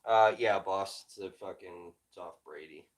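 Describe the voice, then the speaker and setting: A man originally from Illinois, hosting a livestream and ranting in frustration, heavy with profanity and swinging from low muttering to loud outbursts. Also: moderate pace, rough recording. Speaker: livestream host and independent journalist.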